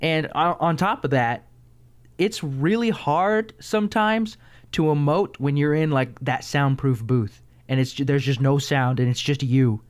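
A man hosting a casual chat, talking in an animated way and working through examples. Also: fairly high pitch, a little slow.

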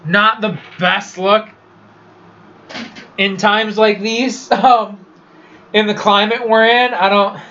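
A man with a high, pushed, bright voice hosts a casual solo sports podcast, rambling and swearing as he gives his picks and opinions. It's a profane, meandering sports rant on a dull, lo-fi recording.

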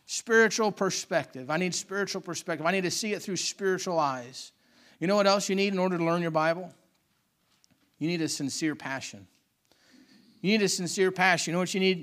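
A man's voice: high-pitched, fairly bright tone. A man preaching a sermon with fervent, dynamic delivery, reading scripture and repeating phrases for emphasis. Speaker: pastor.

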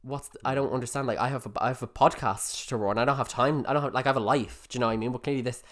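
A young man talks in a rapid, chatty rush, hosting a casual podcast. His pitch sits in the middle and he swears freely. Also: steady tone. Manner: fast, chatty, swears often. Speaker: podcast co-host. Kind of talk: casual chat.

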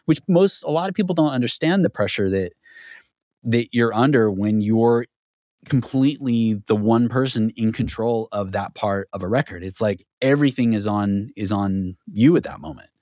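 A man telling a studio story as an interview guest, animated and full of restarts and fillers. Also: lowish voice, moderate pace, no room sound. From Southern California. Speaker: guest, record producer.

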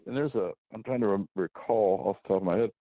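A man, a podcast guest, arguing his point in halting speech that repeats words, on dull lo-fi audio. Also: on the low side, dry recording. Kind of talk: casual political discussion.

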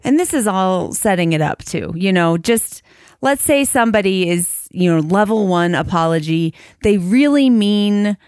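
A middle-aged woman co-hosting a podcast conversation, speaking earnestly and reflectively, slowing down on key phrases. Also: medium pitch, lively intonation, a little mellow, smooth, no echo, clean studio sound. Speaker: podcast co-host. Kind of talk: casual conversation.

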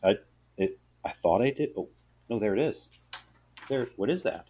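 Male podcast co-host, very deep voice, playful and enthusiastic, dull lo-fi recording. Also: expressive, moderate pace, breathy edge. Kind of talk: casual chat.

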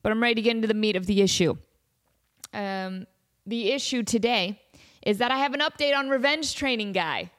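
A young woman hosts her podcast in a loose, rambling monologue. Her voice sits a little high, and she talks in a playful, animated way. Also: fairly quick. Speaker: podcast host.

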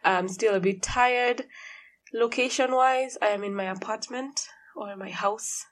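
A young woman hosting her podcast in casual chat, a little hoarse and tired, laughing often, in an echoey room with a high ceiling. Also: unhurried. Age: young adult. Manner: relaxed, chatty, laughs often. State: hoarse morning voice. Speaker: podcast host. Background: noisy fridge.

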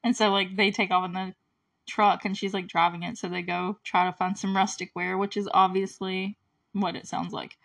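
A young woman hosting a podcast, recapping a film in casual solo chat, full of "like" and "you know" and quick laughs. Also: medium pitch, level tone, vocal fry, fairly bright tone. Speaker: podcast host recapping a movie.

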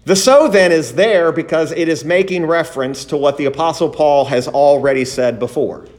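A man preaching a sermon and reading scripture, slow and deliberate, stressing single words and asking rhetorical questions. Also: on the high side, a little mellow.

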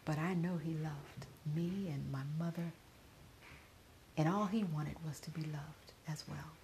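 A middle-aged woman podcaster giving a personal spoken reflection while grieving, often dropping to a soft whisper. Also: low-pitched, a little slow, slight background noise.

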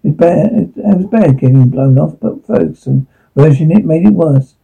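Gravelly man on a tinny line. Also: fairly high pitch, lively intonation, normal speed. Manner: rueful, self-deprecating. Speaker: narrator. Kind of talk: first-person storytelling.

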